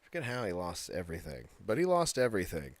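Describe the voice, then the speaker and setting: Low-voiced blunt podcast host. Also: male voice, very animated, fast, creaky, dry recording. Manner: blunt, profane, laughs often. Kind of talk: casual wrestling podcast chat.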